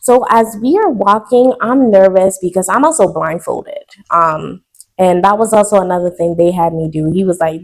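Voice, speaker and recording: A woman's voice: mid-range voice, normal speed. A woman in her twenties telling a personal story to her viewers in a casual, emotional vlog. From United States. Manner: chatty, addresses viewers directly, emotional. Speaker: vlogger.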